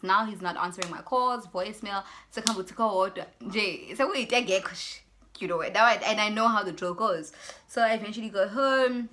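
Animated south african woman telling a story. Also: mid-range voice, brisk, slight background noise. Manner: animated storytelling, acting out both sides of conversations; mixes in Zulu words and phrases. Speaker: YouTuber. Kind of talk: storytime vlog.

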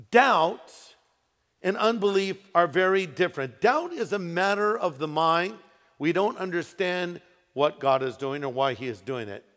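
A man preaches a sermon in a big hall with a long echo trailing his words. His voice sits a bit higher than most men's, and he slows down and leans on key phrases for emphasis. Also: a bit bright. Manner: preaching with emphatic rises and slowed, stressed phrases. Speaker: pastor. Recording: echoey hall with long reverb.

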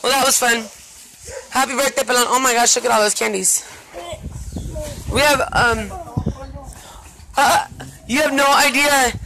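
A woman filming a backyard party, chatty and excitable, laughing often and calling out to the kids and the dogs. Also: fairly high pitch, unhurried, long pauses. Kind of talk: casual home video narration. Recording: noisy outdoor phone video.

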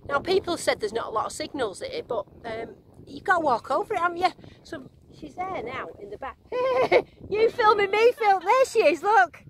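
Against a crowd in the background, an English metal detecting vlogger gushes and giggles to her handheld camera at a field rally, with some driving in a car. Her very high-pitched voice swings widely in pitch at a moderate pace.

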